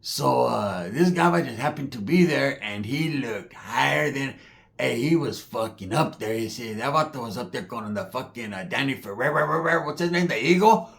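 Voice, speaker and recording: A man's voice: mid-range voice, lively intonation, moderate pace, gravelly, fairly bright tone. A man from Southern California with a Chicano English accent, rambling through a comedic monologue full of "I say" asides and Spanish slang.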